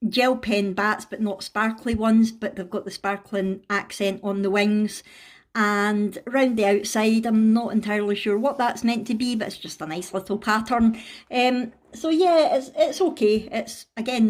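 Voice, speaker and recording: A woman with a Scottish accent, hosting a casual show-and-tell vlog, chatty and giggly as she talks through her choices. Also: medium pitch. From Scotland. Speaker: craft channel host.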